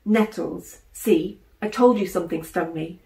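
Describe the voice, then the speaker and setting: A woman voicing an indignant, excitable young boy in a storybook reading. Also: mid-range voice, a little fast, recorded from a distance, natural voice. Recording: roomy room echo.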